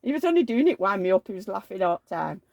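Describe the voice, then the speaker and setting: A woman's voice: mid-range voice, quick pace, gravelly, dry recording, clean studio sound. An older woman, rambling through a casual story about an argument and losing her train of thought. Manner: rambling, forgetful, animated retelling of arguments. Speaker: doll collector vlogger.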